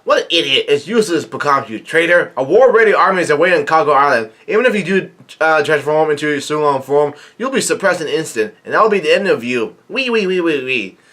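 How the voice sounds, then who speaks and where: A man's voice: a little high, expressive, fast talker, few pauses, fairly bright tone. A man reading a jeering pirate woman. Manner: taunting, jeering. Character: mocking, scornful woman pirate.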